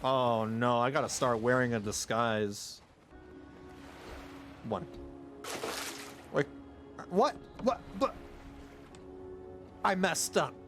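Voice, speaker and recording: A man chats his way through a game stream, joking and exclaiming as he plays. His delivery is slow but his pitch swings widely. Game music plays faintly beneath him. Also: lively intonation. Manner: chatty, joking, exclaims often. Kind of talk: casual live-stream commentary.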